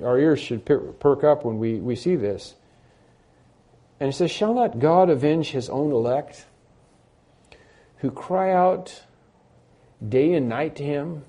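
A man preaching an unscripted sermon, often restarting his sentences and rising and growing louder on his emphatic points. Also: mid-range voice. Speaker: pastor.

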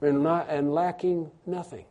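A male pastor preaches a sermon emphatically, his voice a bit higher than most men's. He drops into near-hushed asides, then rises loud and stretches out the key phrases, with fairly even intonation and a slightly slow pace.

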